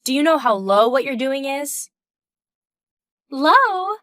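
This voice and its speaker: A woman in her thirties reads a scripted text-message story in a fairly high, indignant voice. The sound is dry and close, with no room echo. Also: moderate pace. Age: 30s. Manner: indignant, questioning. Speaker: story narrator voicing the wife.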